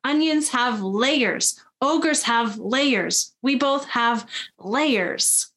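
A big, grumpy cartoon ogre explains himself slowly, leaning on every word, as a woman puts him on. He sounds patient but fed up with being misjudged. His voice sits a touch above her usual speaking pitch. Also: fairly bright tone, heavily acted. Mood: insistent.

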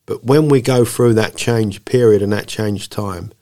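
A man co-hosts a relaxed faith podcast in a fairly low voice. He slides between sermon-like lines and playful jokes. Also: a little slow. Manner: playful, preachy, breaks into jokey voices. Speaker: podcast co-host. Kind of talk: casual faith podcast chat.

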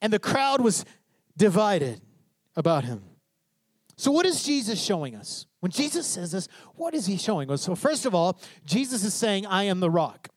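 A man preaching a sermon as pastor, telling the story with lively energy and acting out the quoted lines. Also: high-pitched, normal speed, dry recording. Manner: animated storytelling preacher, acts out quotes, asks "tracking?".

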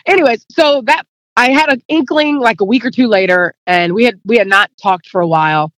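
A woman's voice: a little high, fairly quick, a bit bright, no echo. Woman guest, emotional storyteller, voices both sides of the conversation, dry close sound. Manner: rambling, acts out quoted dialogue; emotional, near tears. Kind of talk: casual storytelling.

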